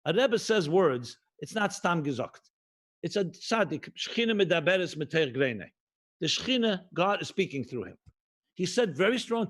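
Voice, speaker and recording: A rabbi with a high voice preaches in a steady, emphatic cadence. He is middle-aged, from the United States, and mixes Hebrew and Yiddish terms into his English. He drags out key phrases and repeats them for weight. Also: breathy edge. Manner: slows and stretches key phrases. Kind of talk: livestreamed sermon.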